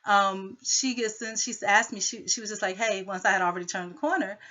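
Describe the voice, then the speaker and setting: A woman's voice: mid-range voice, brisk, sharp tone, dull audio. A woman rambling through a personal conflict story, full of filler phrases.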